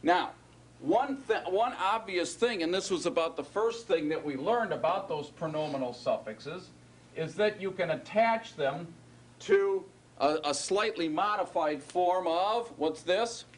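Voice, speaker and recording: A man with a high, expressive voice teaches Hebrew grammar in a classroom lecture at a measured pace. He keeps it conversational, often checking in with his students with "right?" and "okay?".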